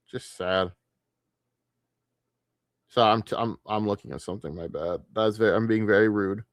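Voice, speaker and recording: Profane ranting male streamer, low voice. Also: fairly even intonation, unhurried, long pauses, no room sound, studio quality. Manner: profane, ranting, easily distracted. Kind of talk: late-night casual stream commentary.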